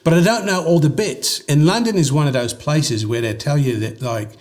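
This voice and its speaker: An American man, a voice-over artist, telling stories in a relaxed interview with many fillers and restarts. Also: on the high side, moderate pace. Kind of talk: casual interview chat.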